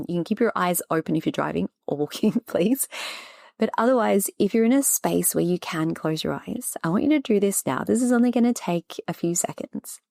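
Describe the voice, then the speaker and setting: A woman who teaches fertility yoga and hosts a podcast, talking listeners through a gentle breathing and relaxation practice in a calm, slow voice. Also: lowish voice, no room sound, studio quality. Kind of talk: guided breathing and relaxation talk.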